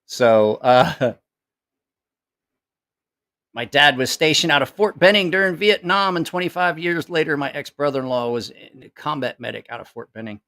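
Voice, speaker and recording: A man's voice: fairly high pitch, moderate pace. A middle-aged man chatting casually to a live audience from home, telling rambling stories with lots of swearing and laughter. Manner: profane, laughing, animated storyteller. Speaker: livestream host. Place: at home, family nearby.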